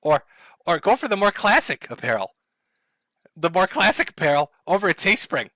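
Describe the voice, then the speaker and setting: A male streamer talks casually to his chat, sarcastic and quick to swear, with laughs breaking in. His voice is bright and a little high, and it swings widely in pitch. The sound is close and dry. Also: very animated, no room sound.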